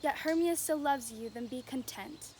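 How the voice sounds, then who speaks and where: A hurt, rejected young woman, played by a young actress in an outdoor youth production. Her voice sits high, and the verse comes out earnest and breathless. Faint outdoor noise lies behind her. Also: moderate pace, mellow, lightly acted. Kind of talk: outdoor youth stage acting.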